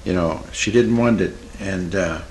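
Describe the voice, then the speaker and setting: A man's voice: deep voice, a little slow, a little hiss or hum, poor audio. A Christian therapist, a man, tells a story from his practice in a folksy, earnest way. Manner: folksy, earnest, animated retelling. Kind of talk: storytelling talk.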